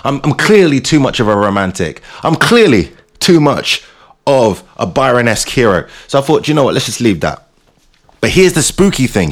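A man hosting his show, telling playful comic stories in a casual monologue. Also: medium pitch. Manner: animated, playful storytelling. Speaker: show host.

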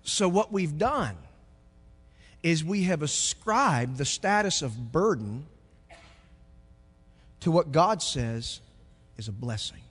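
A pastor preaching a sermon, moving from quiet reflection to loud, joking stretches. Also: male voice, on the high side, very animated, takes it slowly, pauses often, slightly rough, long reverb tail.

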